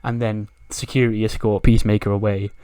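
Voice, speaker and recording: A man's voice: on the low side, flat delivery, fast, warm tone, clear, resonant tone, no echo. A man casually recapping a wrestling simulation game in a loose, chatty way, swearing offhand. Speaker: game video creator.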